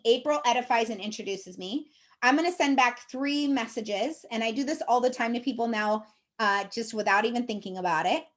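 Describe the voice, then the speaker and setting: A woman with a slightly high voice coaches her sales team in a chatty, upbeat way. She keeps checking in with her listeners as she talks, and she sounds encouraging throughout. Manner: chatty, checks in with frequent "okay?" and "right?". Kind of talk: casual coaching talk to a team.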